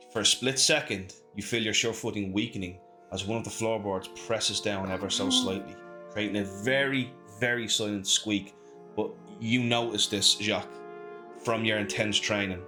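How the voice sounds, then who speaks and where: A man's voice: lowish voice, sharp tone. A man narrating as game master in a casual, profane way. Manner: casual, swears freely, describes scenes.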